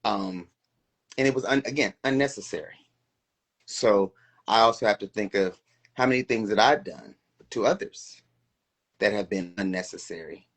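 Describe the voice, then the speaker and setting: A man's voice: on the low side, normal speed, pauses often. A middle-aged man co-hosting a casual live-stream chat, talking in a reflective, earnest way. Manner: reflective, earnest, self-questioning. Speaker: co-host.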